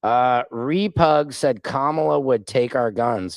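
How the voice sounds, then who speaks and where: A man's voice: medium pitch, slow pace, no room sound. A man hosting a live stream, reading chat comments aloud and answering them in a combative, sarcastic way. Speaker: livestream host.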